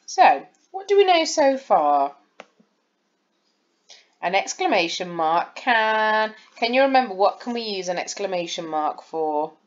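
A woman's voice: medium pitch, big pitch swings, measured pace, highs cut off. A woman, a primary school teacher giving a recorded lesson and explaining patiently, step by step, to young children. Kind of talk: recorded lesson over slides.

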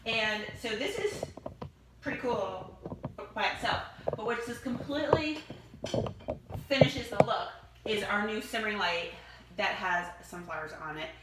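A woman's voice: medium pitch, measured pace. Chatty woman showing products in an echoey room. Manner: enthusiastic, chatty, gushing over items. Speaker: product demonstrator. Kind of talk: casual product showcase. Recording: echoey room, distant mic, noisy.

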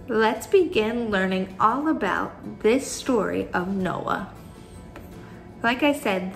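A young woman with a medium-pitched voice teaches a children's church lesson, telling a Bible story in a chatty, upbeat way and speaking straight to the kids. The recording is rough.

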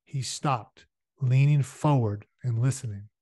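A man reads a novel aloud at a medium pitch, steady and unhurried, now and then breaking off to explain things in a casual, chatty way. The recording is dry and close, with no room sound. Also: slightly rough, no room sound. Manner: casual explanatory asides between passages. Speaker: audiobook reader.

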